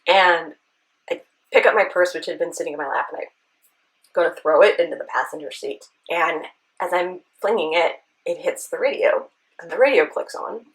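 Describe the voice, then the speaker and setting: A woman's voice: on the low side, moderate pace, low-quality recording. A woman vlogger telling an emotional personal story, earnest and sometimes near tears, often checking in with a "right?". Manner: earnest, tearful at times, with rhetorical "right?". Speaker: beauty vlogger.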